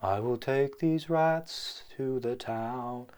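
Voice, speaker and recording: A man voicing a gloomy, lonely male rat piper who leads rats away, talking slowly and broodingly. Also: medium pitch, a little mellow, smooth, voice pushed up, lightly acted.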